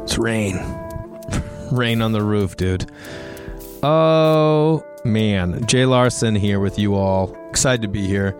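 A man, a comedian chatting casually to the camera, his voice hoarse after losing it, rambling and joking at his own expense. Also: lowish voice, slow pace, over music. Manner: rambling, self-mocking, jokey. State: hoarse, voice partly lost. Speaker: comedian vlogger.

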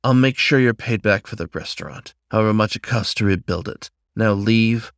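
Audio story: a proud female dragon matriarch, bitter and subdued, low and dry, as a man reads her. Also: normal speed, dry recording, close to an everyday voice. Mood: bitter, grieving.

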